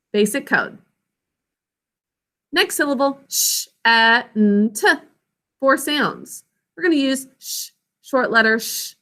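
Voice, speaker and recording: A young woman teaching a class, slowly sounding out words and their syllables. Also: high voice, fairly bright tone. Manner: clear, slow enunciation of words and sounds. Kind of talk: classroom spelling lesson.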